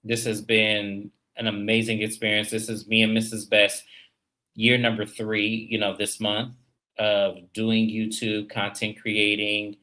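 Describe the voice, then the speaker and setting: A man in his thirties hosting a casual livestream, talking straight to viewers in an animated, emphatic way. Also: lowish voice, a little slow. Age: 30s. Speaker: livestream host.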